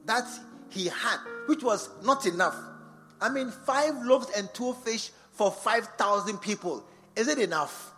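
Preacher guy, high lively voice, lots of questions to the crowd, big echoey church, soft music under. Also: a little slow. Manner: call-and-response, rhetorical questions to the congregation. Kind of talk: sermon. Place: large church hall. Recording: long church reverb with faint music behind.

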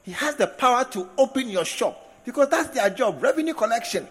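A man preaching a sermon to a congregation, animated, with laughing asides and drawn-out emphasis. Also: extremely high pitch, husky. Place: large hall with congregation. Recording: echoey hall from a distance.

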